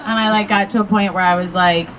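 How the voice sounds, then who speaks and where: A woman in her thirties works a backyard stand-up crowd with crude, self-mocking stories. She laughs through her own lines into a handheld mic. The audience's laughter is clearly heard around her. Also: medium pitch, steady tone, fast, very noisy. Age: 30s. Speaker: stand-up comedian. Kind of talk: stand-up set. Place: outdoor backyard stage. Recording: crowd audible.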